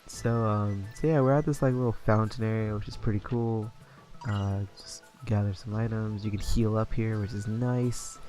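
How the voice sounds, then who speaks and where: A man's voice: fairly low pitch, fairly even intonation, moderate pace, darkish tone, soft background music. A young man giving casual commentary on a game he is playing, rambling along with plenty of fillers. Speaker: let's play gamer.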